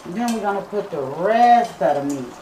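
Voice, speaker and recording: A woman's voice: medium pitch, expressive, normal speed, mellow, slight background noise. A woman hosting her home cooking channel, chatting casually to viewers as she cooks in her kitchen. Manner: chatty, addresses viewers as y'all and you guys. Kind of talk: casual cooking vlog talk. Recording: roomy echoey kitchen.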